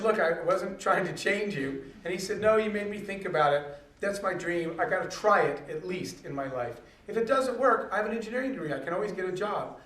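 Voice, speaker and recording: A man's voice: high-pitched, fairly bright tone. A man giving a motivational talk to an audience, telling a story and acting out the dialogue in it. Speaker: speaker. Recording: echoey hall from far off, faint noise.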